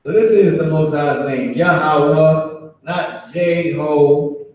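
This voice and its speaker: A man with a slightly high, somewhat mellow voice speaks slowly while teaching a Hebrew class at a board. He's casual and repetitive, restarting often and drawling key words, recorded from afar in a very echoey room.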